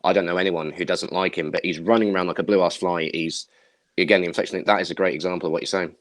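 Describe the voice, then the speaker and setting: A man's voice: sits low, fairly even intonation, fast. A man hosting a podcast in casual chat, chatty and jumping from point to point. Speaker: podcast host.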